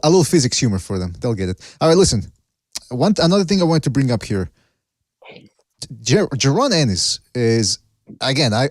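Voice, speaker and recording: A man's voice: medium pitch, darkish tone, no echo, studio quality. Easygoing man hosting a podcast. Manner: easygoing, jokey, reads the chat aloud. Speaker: podcast host. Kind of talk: casual podcast chat.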